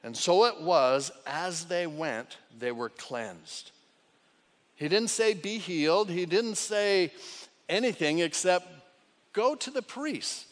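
A man preaches in a high, slow, deliberate voice, rising into loud cries and dropping to near hushes. His words ring out with a long reverb, as in a church sanctuary. He leans hard into each phrase as a pastor does. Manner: dramatic, swings from loud cries to hushed lines. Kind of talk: sermon.

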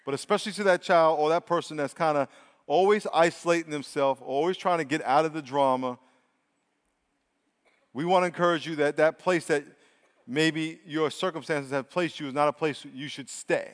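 A man's voice: a little high, moderate pace. Preaching man in a reverberant hall. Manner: energetic, swings from loud to hushed. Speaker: pastor. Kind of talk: sermon.

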